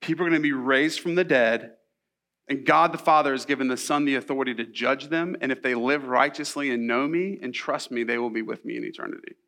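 A man preaching a sermon in a church, animated and conversational, with casual asides to the congregation. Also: mid-range voice, brisk. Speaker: pastor.

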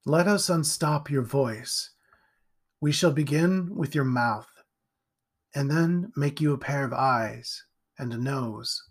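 A man voicing an ancient, sly male creature who speaks with slow, soft, coaxing menace. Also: mid-range voice, slightly rough. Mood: menacing.

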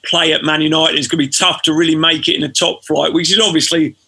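Man in his thirties, husky voice, bright tone, raised pitch, laid-back podcast guest. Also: fast talker. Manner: relaxed storytelling, frequent fillers. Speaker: former footballer, guest. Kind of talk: casual podcast interview.

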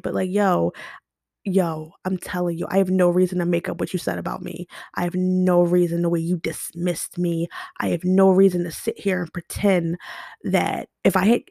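A woman's voice: lowish voice, gravelly, darkish tone, no room sound, studio quality. A young woman hosting a podcast, talking unscripted and bluntly about her past, swearing often. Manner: blunt and emotional, frequent swearing. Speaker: podcast host. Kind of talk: unscripted personal monologue. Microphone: home podcast mic.

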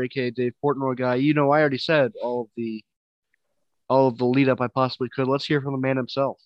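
A man's voice: mid-range voice, no echo. Wry male podcast host, dry dull sound. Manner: teasing, wry. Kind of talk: casual podcast chat.

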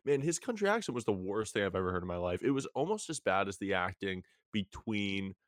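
A young man co-hosting a podcast, chatting casually about a TV show, talkative and quick to laugh. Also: on the low side, sing-song, dry recording, clean studio sound. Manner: chatty, laughs often, trails into restarts. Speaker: podcast co-host. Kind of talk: casual chat recapping a TV show.

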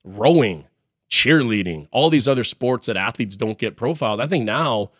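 A man from Canada chats about sports in a loose, joking, rambling way. His voice sits at an everyday middle pitch. The sound is dry and close, with no room around it. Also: lively intonation, normal speed, a bit bright, no echo. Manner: upbeat, jokey, rambling. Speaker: podcast co-host. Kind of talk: casual sports chat.

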